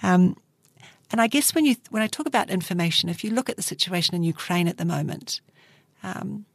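A middle-aged New woman speaks as an interview guest, her fairly low voice carrying a gravelly edge. She talks thoughtfully, with frequent fillers and restarts. The sound is close and dry. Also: lively intonation, a little fast, no echo. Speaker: journalist guest. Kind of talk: reflective interview talk.

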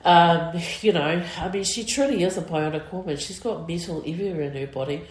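A middle-aged woman, speaking in an interview, emotional and near tears, talking haltingly with many pauses and fillers. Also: on the low side, roomy sound, low-quality recording. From New Zealand. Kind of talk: personal interview.

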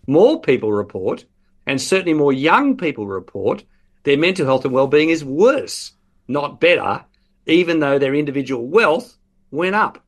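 Australian male academic guest, lively explainer, acts out examples in quotes. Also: fairly high pitch, moderate pace. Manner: animated explaining, quoting imagined patients. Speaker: professor, guest expert. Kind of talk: radio interview.

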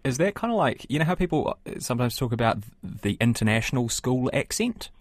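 A radio interviewer from New Zealand asking quick, lively questions with small stammers. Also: medium pitch, dry recording.

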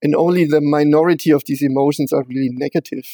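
A man being interviewed about his research, speaking in a measured way with frequent fillers and restarts. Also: a little high, fairly even intonation, dark tone, no echo.

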